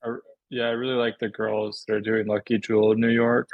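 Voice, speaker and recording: A man chatting casually as a podcast guest, halting and laid-back, full of fillers and restarts. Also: on the low side, little pitch movement, no room sound, narrow, tinny audio. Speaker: podcast guest, shoe designer. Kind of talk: casual chat.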